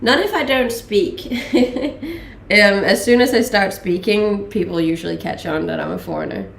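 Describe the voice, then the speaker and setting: A Danish woman in her late twenties talks casually on her live stream, her English carrying a blend of accents. Her voice has some fry and a gravelly edge, and it sits in an echoey room. She chats loosely, full of ums and small laughs. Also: mid-range voice, moderate pace, a little hiss or hum. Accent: Danish with mixed English accents. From Denmark. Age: late 20s. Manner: chatty, many ums and laughs. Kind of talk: casual chat reading live chat.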